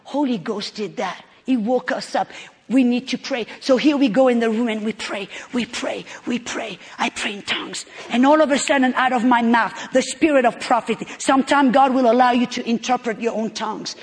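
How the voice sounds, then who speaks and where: A middle-aged woman preaching a sermon at a conference, telling a story with emphatic swings from hushed tones to shouting. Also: a little high, moderate pace, slightly rough. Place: conference hall. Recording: long hall reverb.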